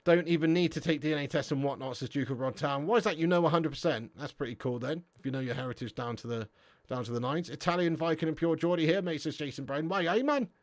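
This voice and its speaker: A man's voice: fairly high pitch, fast talker, no room sound. Slangy, swearing English man on a live stream. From England. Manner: banter-heavy, swears freely, laughs often, slangy. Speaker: football livestream host reading chat. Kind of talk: casual live-stream chat.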